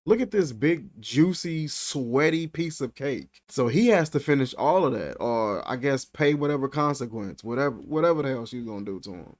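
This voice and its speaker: A man giving a casual movie review, animated and incredulous, talking in loose slang. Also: mid-range voice, moderate pace, hardly any pauses. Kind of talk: casual film commentary.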